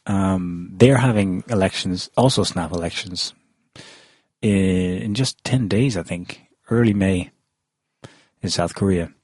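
Low-voiced husky male podcast host. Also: measured pace, darkish tone, no room sound. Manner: chatty, many ums and restarts. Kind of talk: casual panel discussion.

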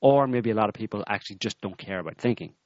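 A man with a lowish voice talks in a sardonic, rambling way, often restarting his sentences. The sound is dull and dry, like a lo-fi recording with no room echo. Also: quick pace, darkish tone. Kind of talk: casual political chat.

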